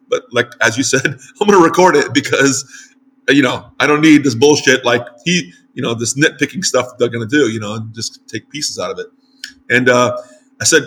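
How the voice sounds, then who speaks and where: A man's voice: mid-range voice, quick pace, slightly rough. An American man from New York, hosting a casual interview. He tells stories animatedly, with lots of restarts and quoted dialogue. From United States. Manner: animated storytelling with frequent restarts. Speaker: show host and site publisher. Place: home in northern Mexico.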